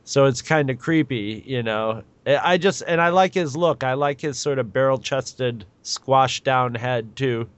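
A man co-hosting a podcast, talking in a rambling, halting way with many restarts. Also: medium pitch, clean tone, dry recording. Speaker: podcast co-host. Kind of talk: casual chat.

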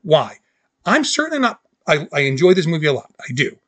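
Excitable guy gushing about movies, kinda high voice, acts out the scenes. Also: brisk, dry recording. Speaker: podcast co-host. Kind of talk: casual movie-review chat.

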